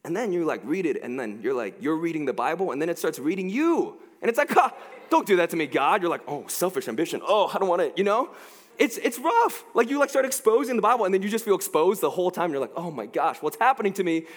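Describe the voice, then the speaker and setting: A man preaching a casual, joking sermon into a headset mic, talking in an animated way with lots of fillers. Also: sits high, quick pace, big-room sound.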